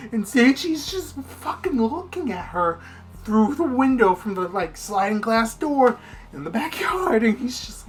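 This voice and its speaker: A man's voice: very high-pitched, sing-song, a little slow, soft background music. A young man giving a casual, rambling video review of a manga, swearing constantly and getting worked up as he retells the story.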